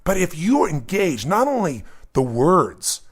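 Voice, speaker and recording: A man in his fifties, a motivational coach giving an emphatic, energetic seminar talk. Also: a little high, a little slow, slightly rough.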